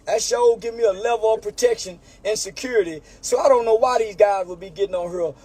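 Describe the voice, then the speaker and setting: A man's voice: high-pitched, fairly quick, darkish tone, slightly rough. A man telling a profane anecdote and acting out the voices of the people in it. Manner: drawling, profane, switches into other people's voices. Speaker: storyteller in a played clip. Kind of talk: animated anecdote with acted-out dialogue.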